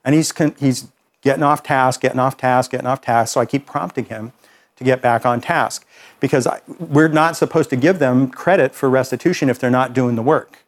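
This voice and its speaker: Man teaching a workshop, medium pitch. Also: moderate pace. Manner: conversational, checks in with listeners with "okay?". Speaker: workshop trainer. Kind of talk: classroom teaching with anecdotes.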